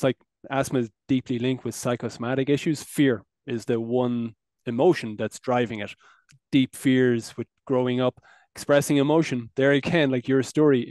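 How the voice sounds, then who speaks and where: A man's voice: medium pitch, darkish tone, dry recording, clean studio sound. A man hosting a podcast, talking earnestly and reflectively, swearing casually. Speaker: podcast host and men's coach. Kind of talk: reflective interview conversation.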